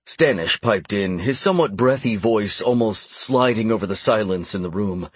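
Male audiobook narrator, expressive, husky tone, dry close-mic sound. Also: on the low side, moderate pace, hardly any pauses, no echo. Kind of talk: first-person fantasy narration.

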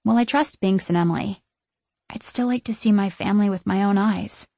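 A woman narrating a story in the first person with an expressive, storytelling delivery. Her voice is husky and a little breathy, recorded close in a dry, dead room. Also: mid-range voice, a little fast, no room sound. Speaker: audiobook narrator.

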